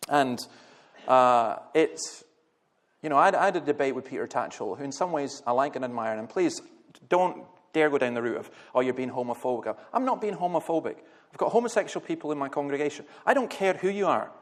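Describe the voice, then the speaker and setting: A man's voice: fairly high pitch, expressive, brisk. A middle-aged Scottish man, a minister giving a blunt, passionate talk to a church gathering, with wry humour and stories. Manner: passionate, blunt, humorous storytelling.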